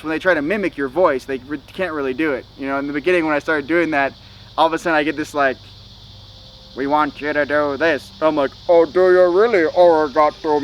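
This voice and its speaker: A man's voice: sits high, a bit bright, slight background noise, low-quality recording. A man vlogging a casual spiritual talk to his viewers, rambling with lots of "you know" and "okay?".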